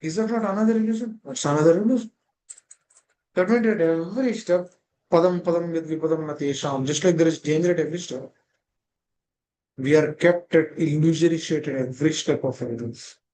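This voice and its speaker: A man's voice: on the high side, fairly quick, mellow, rough recording. A man gives a devotional scripture class over a video call. He keeps asking rhetorical questions and linking ideas with "that means.".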